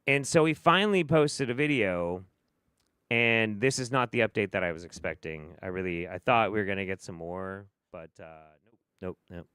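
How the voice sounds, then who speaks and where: A man's voice: on the low side, normal speed, bright, forceful tone, clean tone. An American man hosting a stream, reacting to clips with sarcastic, profane, mocking commentary. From United States. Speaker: host.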